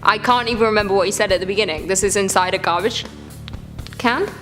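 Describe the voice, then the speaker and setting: A woman chatting her way through scary clips in a loose, joking tone, swearing now and then. Her voice sits at a middle pitch, with faint music in the background. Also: quick pace. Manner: chatty, swears, reacts with gasps and jokes. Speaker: reaction video host. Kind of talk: casual reaction commentary.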